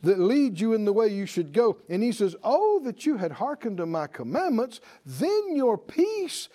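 Preaching at normal speed with a high-pitched voice, a man is emphatic and animated, lengthening important phrases and climbing into exclamations.

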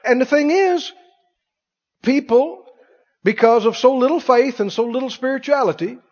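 A man preaching a sermon, telling a story from his own life in an animated way and laughing as he tells it. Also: very high voice, normal speed. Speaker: pastor. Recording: dull sound with long hall reverb.

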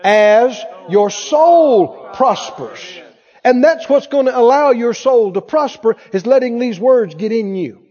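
A man's voice: very high voice, animated, slow, dark tone. A man preaching a sermon as pastor, with fervent, repeated declarations. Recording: dull sound in a reverberant hall.

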